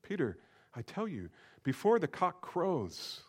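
Brief: solemn, quiet male teacher, read by a preacher, measured and grave. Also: a little high, huge pitch swings, slightly rough, heavily acted.

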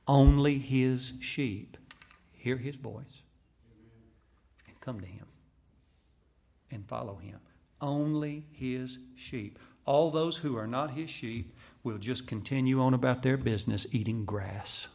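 A man preaching a sermon, swinging from hushed, drawn-out phrases to loud, pressing repetition. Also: mid-range voice, creaky. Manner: dramatic, swings from hushed to shouting, repeats phrases.

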